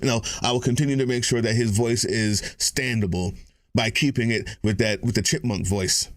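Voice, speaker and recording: Measured, scornful male commentator, dry sound. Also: medium pitch, no room sound. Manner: measured, scornful, deliberate emphasis. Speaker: political commentator. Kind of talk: political commentary monologue.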